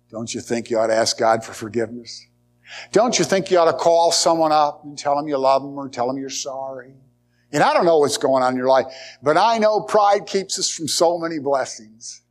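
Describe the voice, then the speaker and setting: A man preaching a sermon as pastor, his voice sitting a touch high. He swings between loud, emphatic lines and near whispers. He often restarts phrases and repeats words as he goes.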